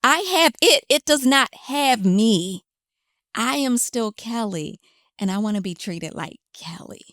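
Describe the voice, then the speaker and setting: A woman guest telling her story candidly in an interview, emphatic and animated when she quotes herself. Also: fairly high pitch, measured pace, no echo, clean studio sound.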